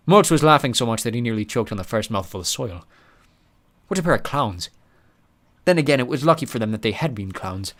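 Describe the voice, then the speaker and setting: A man narrating an audiobook with expressive storytelling. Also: medium pitch, a little fast. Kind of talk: scripted narration.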